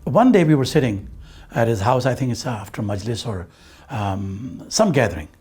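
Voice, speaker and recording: A man's voice: mid-range voice, lively intonation, moderate pace, a little mellow, breathy edge. A man in an interview recalling a trip with a friend, telling it as a story, trading quoted lines back and forth, a little emotional. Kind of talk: personal recollection in an interview.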